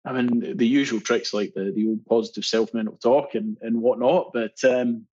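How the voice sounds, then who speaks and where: A man's voice: medium pitch, moderate pace, husky. A man from Scotland, a marathon swimmer, telling stories as a podcast guest, with frequent laughs and restarts. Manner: animated storyteller, laughs often, many restarts. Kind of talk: casual storytelling interview. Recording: dull lo-fi sound.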